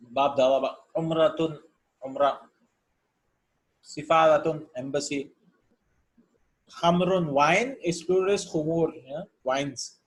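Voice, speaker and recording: With a voice on the high side, a man teaches an informal Arabic lesson covering vocabulary and grammar. He thinks aloud, reads each word before glossing it, and sprinkles in "right?" and "yeah?" The recording has poor audio.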